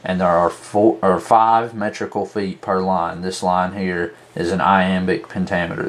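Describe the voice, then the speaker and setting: A man teaching a lesson, explaining slowly and methodically, counting out examples as he points to a board. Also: deep voice, flat delivery, a little hiss or hum. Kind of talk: explaining at a whiteboard.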